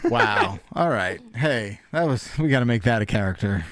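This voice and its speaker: A man's voice: lowish voice, expressive, moderate pace, no room sound. A man co-hosting a podcast in casual chat, playful and teasing. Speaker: podcast co-host.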